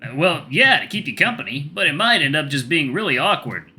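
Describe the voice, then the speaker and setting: A man's voice: on the high side, big pitch swings, brisk, sharp tone, soft background music, pitched above the performer's own voice, full character voice. Man doing an easygoing young boyfriend. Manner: easygoing, friendly. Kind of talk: visual novel read-aloud.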